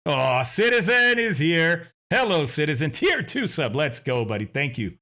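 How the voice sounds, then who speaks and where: A man's voice: on the high side, big pitch swings, moderate pace, sharp tone. A man, a streamer animatedly commenting on his own talk and laughing often. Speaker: streamer and flight sim host.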